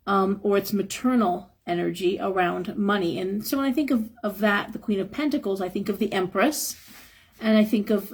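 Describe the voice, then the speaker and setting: A hoarse woman reads tarot cards live with a gravelly, crackling edge to her voice. Her tone is husky and a little worn. She talks frankly, giving advice, with the odd chuckle. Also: medium pitch, a little mellow. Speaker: tarot reader.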